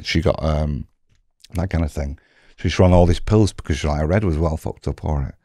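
English man, middle-aged, very low voice, animated storyteller who acts out dialogue, dry close sound. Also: no echo. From England. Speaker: podcast guest telling his story. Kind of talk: casual storytelling.

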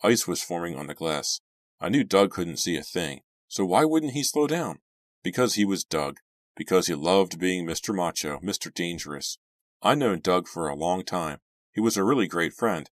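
A man narrating a horror novel as an audiobook, friendly and measured. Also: sits low, big pitch swings, no echo, clean studio sound. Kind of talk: reading a horror novel aloud.

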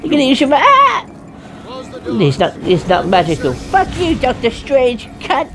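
A woman giving loud, profane, playful let's-play commentary. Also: a little high, sing-song, a little fast. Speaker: gaming streamer. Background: game music.

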